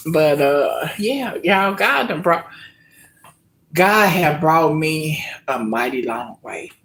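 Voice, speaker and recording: A woman chatting live with her viewers before cooking. She talks slowly and openly, stretching out her pauses. Her voice sinks to near-whispers when she gets emotional. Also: deep voice, fairly bright tone. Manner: slow, heartfelt, emotional, addresses viewers as y'all. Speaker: cooking vlog host. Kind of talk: casual live-stream chat.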